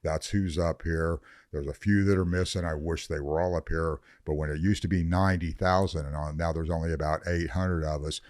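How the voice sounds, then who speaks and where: A man's voice: rumbling low, fairly even intonation, brisk, few pauses, a little mellow, no echo, studio quality. An older man, a veteran grower, talking in a podcast interview, blunt, profane and fired up as he rants. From Northern California. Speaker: veteran cannabis grower guest.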